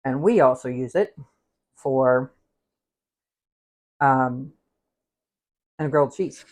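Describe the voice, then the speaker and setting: A woman's voice: a bass voice, slow, darkish tone. A woman hosting a casual cooking livestream from a home kitchen, chatty and rambling, with easy laughs and side stories as she talks through a recipe. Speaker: cooking show host.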